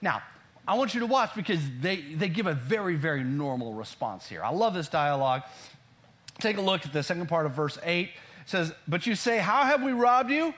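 A man with a somewhat high-pitched voice delivers a sermon. He reads verses slowly and with emphasis, then explains them to the congregation. He repeatedly tells listeners to underline words in their Bibles. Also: animated, a bit bright. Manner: emphatic, slows down to read verses aloud. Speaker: pastor. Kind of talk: sermon teaching through scripture.

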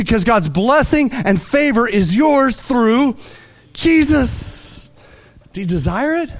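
A man preaching a sermon, animated and playful, telling everyday stories with lively asides. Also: sits high. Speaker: pastor.

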